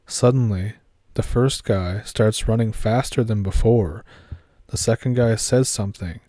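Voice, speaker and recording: A man narrating a horror story in a steady, measured way. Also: fairly low pitch, dry recording, studio quality.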